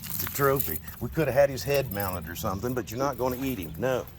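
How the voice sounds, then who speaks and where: A man's voice: medium pitch, animated, fast, slight background noise. A man talking casually outdoors to his dog, coaxing and scolding it with exasperated chuckles. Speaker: dog owner. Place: outdoors near a house and garage.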